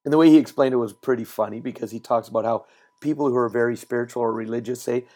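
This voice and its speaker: A man, a podcast host and trainer, runs a solo motivational show, telling animated stories and repeating words for emphasis. His voice is medium-pitched and fast, and he's recording while on the road.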